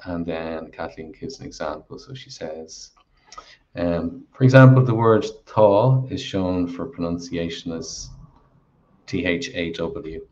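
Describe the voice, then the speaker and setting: An Irish man co-hosting a live Q&A, reading out viewer questions in an affable, measured way. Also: low voice, a little mellow. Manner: affable, measured, reads questions aloud slowly. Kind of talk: casual live Q&A chat. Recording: dull lo-fi stream audio.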